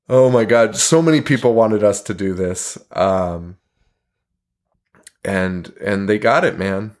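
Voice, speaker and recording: A man's voice: fairly low pitch, takes it slowly, pauses often. Laughing, swearing man in casual chat. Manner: laughing often, swearing, retelling scenes with put-on quotes. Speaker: podcast co-host.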